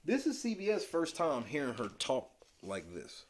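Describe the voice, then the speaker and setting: A man's voice: wildly swooping pitch, normal speed. A man co-hosting a podcast, giving blunt, profane, slang-heavy commentary on reality TV in a casual chat. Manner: blunt, profane, slangy, swings between low mutter and loud emphatic rants. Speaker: podcast co-host.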